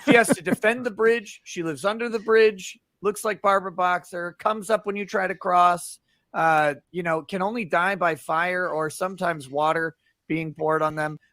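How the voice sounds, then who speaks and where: Deadpan joking man on a dry mic. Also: high voice, moderate pace, no room sound. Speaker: panelist. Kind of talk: casual panel chat. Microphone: video call.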